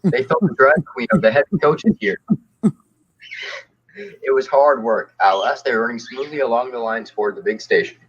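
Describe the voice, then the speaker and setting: Husky casual man reading aloud, muffled stream audio. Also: medium pitch, expressive, moderate pace, long pauses. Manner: stumbling over words, laughing at the text. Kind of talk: casual comic read-aloud.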